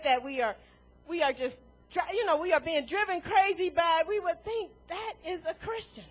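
Very high-voiced woman preaching. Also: a bit bright. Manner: emphatic, rhetorical questions, chuckles between points. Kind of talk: sermon. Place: church before a congregation.

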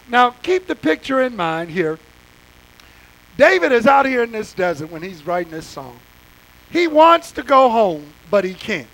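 Impassioned male pastor, very high voice with gravel in it, folksy and direct with the congregation. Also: sing-song, a little slow, a bit bright, poor audio. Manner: impassioned, conversational preaching with folksy asides. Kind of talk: sermon.

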